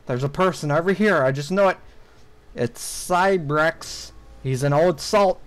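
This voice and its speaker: A man's voice: on the high side, measured pace, a bit bright, poor audio. A young man commentating his own gameplay, talking to viewers and ranting with lots of swearing when things go wrong. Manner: frustrated ranting with heavy swearing. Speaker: gaming YouTuber.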